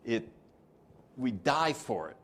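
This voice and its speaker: A man's voice: mid-range voice, very animated, slow pace, a bit bright. An older man giving an informal recovery workshop talk, joking and asking the audience questions.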